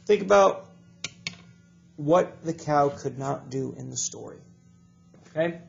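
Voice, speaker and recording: A man's voice: fairly high pitch, lively intonation, takes it slowly, creaky, pauses often, faint music behind. A male teacher with a stuffy nose, giving a recorded video lesson to young students in a patient, encouraging way and repeating each instruction. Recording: dull lo-fi recording.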